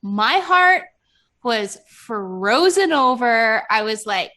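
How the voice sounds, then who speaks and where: Woman, young adult, podcast host, casual expressive chat, bright tone, slightly high pitch. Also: takes it slowly. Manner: chatty, expressive, swears casually.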